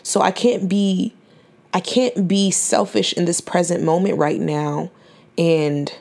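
A woman's voice: lowish voice, steady tone, takes it slowly, gravelly, darkish tone. A 21-year-old woman giving an earnest, faith-filled personal testimony on her podcast, fighting back tears and often restarting her phrases. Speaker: podcast host.

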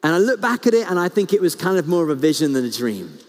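A male pastor preaching a sermon, telling stories earnestly and slowing down to stress key words. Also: on the high side, sing-song. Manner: earnest storytelling, slows down for emphasis, frequent restarts. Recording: long hall reverb.

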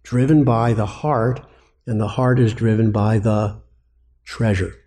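A man preaching a sermon on biblical counseling, lively, who keeps asking rhetorical questions and answering them himself. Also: lowish voice, measured pace.

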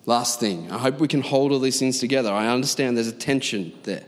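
A man's voice: medium pitch, brisk. A man preaching a sermon as pastor, talking emphatically and conversationally with asides to his congregation. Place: large church auditorium. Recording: long reverb of a large hall.

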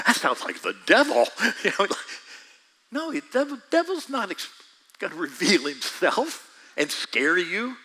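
Bright, animated male preacher. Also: high-pitched, rough recording. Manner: addresses listeners directly with quick asides. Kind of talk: sermon.

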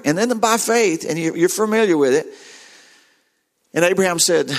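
A middle-aged man preaching a sermon, telling a story in a halting, earnest way with many repeated words. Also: high-pitched.

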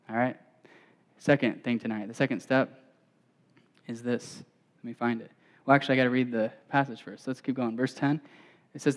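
A young man preaching to students as a campus pastor, telling stories in a conversational way, full of asides and quick restarts. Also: medium pitch, steady tone. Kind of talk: conversational sermon. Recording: dull, reverberant hall sound.

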